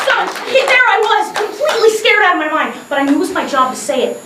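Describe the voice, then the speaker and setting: A woman telling a comic story about herself to an audience, animated and laughing, with bursts of shouting. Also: very high-pitched, fast talker. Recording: echoey room heard from a distance, noisy.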